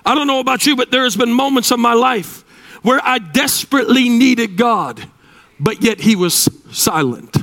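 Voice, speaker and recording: Pastor, sermon, high pitch, shouts then hushes, repetitive cadence. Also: male voice, animated, normal speed. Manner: shouting, dramatic swings between loud and hushed.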